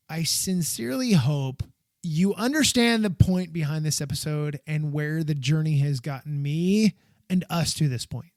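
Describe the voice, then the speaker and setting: An American man hosting a solo podcast, talking in a rambling, heartfelt way and jumping up in pitch when he gets excited. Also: no echo, studio quality. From United States. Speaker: podcast host.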